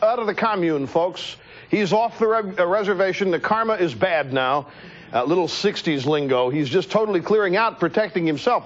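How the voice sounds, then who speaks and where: A man hosting a TV talk show, delivering an animated, joking political monologue in the studio and talking to his crew. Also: high voice. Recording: dull lo-fi TV broadcast.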